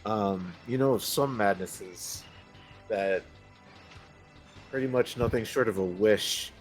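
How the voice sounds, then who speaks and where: A man's voice: fairly low pitch, takes it slowly, soft background music. A young man narrating as game master, hesitant and full of fillers.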